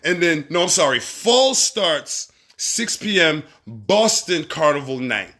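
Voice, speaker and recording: Bright-voiced Barbadian man shouting out viewers. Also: sits high, expressive, slow. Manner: laid-back, profane, laughs often, shouts out viewers. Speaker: livestream host. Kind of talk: casual livestream chat reading viewer comments.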